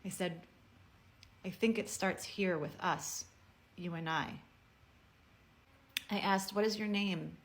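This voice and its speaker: A woman telling a personal story in a heartfelt message to camera, speaking earnestly and at a measured pace. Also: medium pitch, steady tone.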